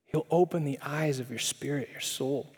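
Picture a patient, gently exasperated teacher with a soft, calm way of explaining, as a preacher acts him out. His voice drops low and quiet, and it echoes through a large chapel hall. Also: normal speed, slightly rough, lightly acted.

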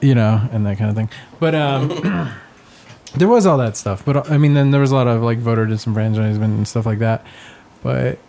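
An American man chatting on a podcast with friends. He rambles and doubles back on his words, laughing often. His pitch sits in the ordinary middle for a man. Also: a little fast, vocal fry, warm tone. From United States. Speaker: podcast host. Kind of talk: casual chat.

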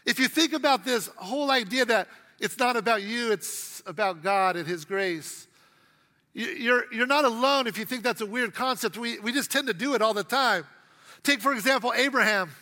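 Speaking in a large hall, a middle-aged pastor brings humor to his sermon by acting out quotes within his stories. His pitch is extremely high, his tone bright and forceful, and his pace moderate.

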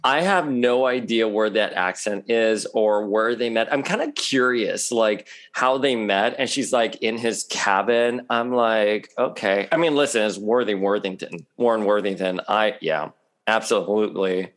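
A man talking as a guest on a podcast in a chatty, animated way, laughing often. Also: fairly low pitch, unhurried. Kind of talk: casual podcast chat.

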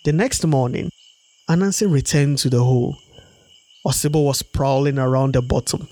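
A man narrating a folktale in a steady storybook read-aloud. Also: mid-range voice, normal speed.

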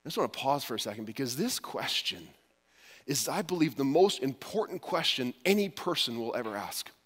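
A man's voice: mid-range voice, sing-song, a little fast, breathy edge. Man preaching in an echoing hall. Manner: storytelling, drops to hushed quiet for quotes. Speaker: pastor. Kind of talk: sermon.

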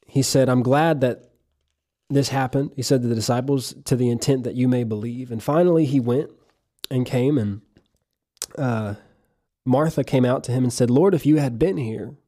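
A man's voice: mid-range voice, normal speed, mellow. A man preaching a sermon, earnest and emphatic, reading scripture aloud and explaining it.

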